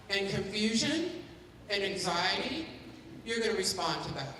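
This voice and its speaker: A woman's voice: mid-range voice, expressive, normal speed, pushed and bright, slight background noise. A woman teaching a workshop for caregivers, talking to the room and keeping the audience engaged with frequent questions. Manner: interactive, keeps checking in with the audience. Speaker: dementia care educator. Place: large hall at a community forum. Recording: echoey hall from far off.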